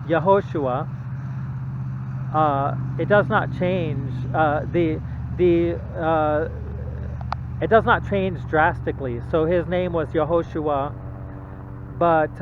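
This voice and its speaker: Halting man on tinny audio. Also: on the high side, background noise. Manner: halting, repetitive, checks in with "okay?". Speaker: religious video presenter. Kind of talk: informal Bible teaching monologue.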